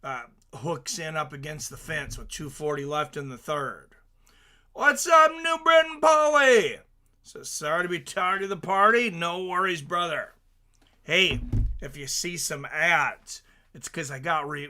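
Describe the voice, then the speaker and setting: A man hosting a casual fight watch-along stream, chatting excitedly and reading viewer comments aloud. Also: high-pitched, a little hiss or hum.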